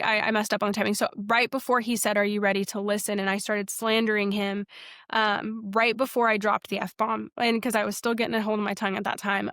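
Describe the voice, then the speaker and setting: A woman's voice: medium pitch, a bit bright, clear, resonant tone, no room sound, clean studio sound. A young woman sharing her personal faith testimony as a podcast guest, earnest and rambling, with many fillers and restarts. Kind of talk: personal testimony in a casual interview.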